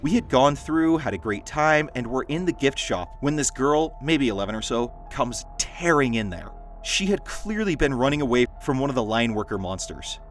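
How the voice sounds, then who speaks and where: A man narrates funny stories in an animated, swinging voice of middling pitch. His delivery is lively, with dry, wry asides. Soft music plays faintly behind him. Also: moderate pace. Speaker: story narrator. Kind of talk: reading stories aloud.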